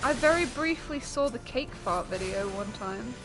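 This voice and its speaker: A woman's voice: a little high, expressive, normal speed, over loud music, poor audio. A woman co-hosting a casual gaming stream, chatting bluntly and giggling while she reads the chat aloud. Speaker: streamer co-host.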